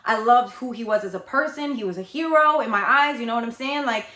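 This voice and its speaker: A woman in her thirties telling a candid storytime confession, animated, dramatic and blunt, with lots of profanity. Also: on the high side, brisk, roomy sound. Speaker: storytelling vlogger.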